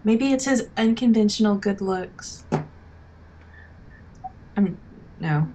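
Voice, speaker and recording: A woman's voice: medium pitch, expressive, takes it slowly, warm tone. Woman on a recap podcast, teasing, dry jokes, bit of hiss. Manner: teasing, dry asides, breaks into laughter. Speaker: podcast co-host. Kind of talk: casual TV recap chat.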